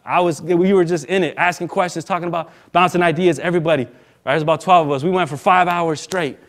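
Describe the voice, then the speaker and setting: A man, a minister telling a personal story in a casual, animated sermon and acting out the other people in it. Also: a little high, fast.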